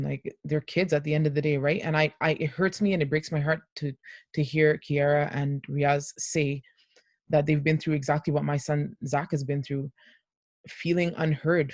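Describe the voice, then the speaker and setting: A woman's voice: low-pitched, darkish tone, no room sound, clean studio sound. A middle-aged woman speaking earnestly as a parent on a panel discussion, over a video call. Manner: earnest, heartfelt.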